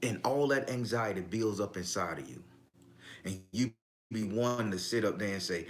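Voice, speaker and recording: Low-voiced man preaching casually. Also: normal speed. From Southern US. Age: middle-aged. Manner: storytelling, profane, preachy. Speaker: spiritual vlogger. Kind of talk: casual spiritual talk.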